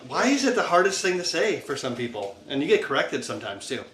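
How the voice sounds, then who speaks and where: A man's voice: a little high, sing-song, quick pace, far from the mic, a little hiss or hum. A man helping out in a home kitchen, easygoing, asking short questions and bantering. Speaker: guest cook. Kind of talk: casual chat. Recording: echoey kitchen with loud music. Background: loud background music and clattering dishes.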